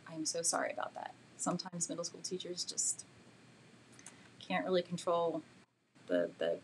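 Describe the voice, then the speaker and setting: A woman teaching a live painting demo and answering viewers' questions, chatty and self-deprecating, with many fillers, talking gently while she works. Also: fairly low pitch, slight background noise. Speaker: art instructor.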